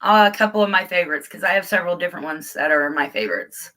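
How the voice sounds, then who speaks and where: Chatty woman on a bright live stream. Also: lowish voice, quick pace. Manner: chatty, rambling, laughs often, greets viewers by name. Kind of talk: casual live chat.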